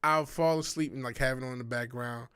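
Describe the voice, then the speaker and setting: A man's voice: mid-range voice, fairly even intonation, quick pace, pushed and bright, clean tone, no echo, clean studio sound. A young man streaming late at night, chatting casually in a rambling way, restarting his sentences often.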